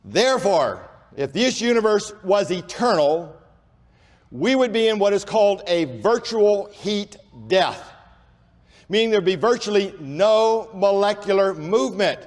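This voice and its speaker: A man giving an emphatic preaching lecture to an audience, talking in long unbroken runs with few breaths and slowing down on key points. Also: sits high, animated. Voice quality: says he has a speech impediment and talks without pausing for breath. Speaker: creationist speaker. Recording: long hall reverb.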